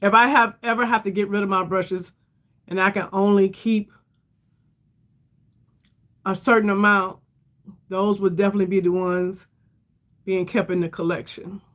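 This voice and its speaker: A woman's voice: mid-range voice, fairly even intonation, normal speed, long pauses, a bit bright. A middle-aged woman hosting a casual makeup livestream, chatty and rambling, calling her viewers "y'all" and sounding tired. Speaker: beauty livestream host.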